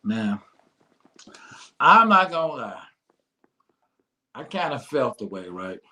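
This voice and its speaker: A man hosting an online interview show, talking at a middle pitch. His manner is easygoing and slangy, and he keeps encouraging his guest as they chat. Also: big pitch swings, takes it slowly, bright, forceful tone. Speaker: radio show host. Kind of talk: casual interview talk.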